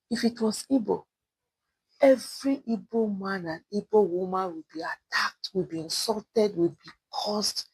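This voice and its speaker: This commentary host is a Nigerian woman from Edo State with an Edo accent, and her mid-range voice is gravelly, slightly rough and a little slow. Her casual talk rambles, full of fillers and self-corrections, as she earnestly presses her listeners. The audio has no echo but is rough.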